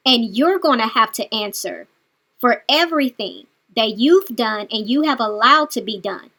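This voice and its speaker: A woman with a high voice delivers reaction commentary, lecturing and mocking the person she addresses. Her tone stays cutting and sarcastic throughout. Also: lively intonation, moderate pace, pushed and bright. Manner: scolding, sarcastic, talks straight to the subject.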